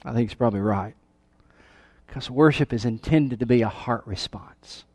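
A man's voice: medium pitch, moderate pace, a little mellow, no room sound. A male pastor preaching a sermon with emphasis, calling out questions to his congregation. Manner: emphatic, calls for congregation response. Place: church sanctuary.

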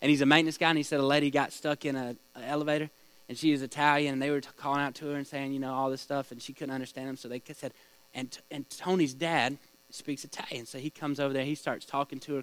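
A man's voice: medium pitch, little pitch movement, quick pace, fairly bright tone, low-quality recording. A man leading a small-group Bible study, teaching in a conversational way, asking the group questions and telling stories.

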